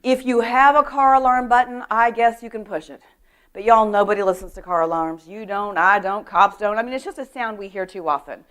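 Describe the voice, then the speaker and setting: A middle-aged woman giving an animated talk on personal safety to a women's church group, telling stories, acting out quotes and asking the audience questions. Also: medium pitch, a little fast, smooth. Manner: lively storytelling, acts out quotes, asks the audience questions. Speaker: guest speaker on personal safety.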